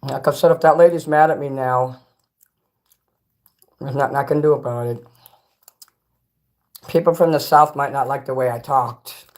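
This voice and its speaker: This livestreamer from Chicago has a medium-pitched, slightly mellow voice that stays steady at a normal speed, with frequent pauses. Between snack bites and reading chat messages, he rambles bluntly and swears freely.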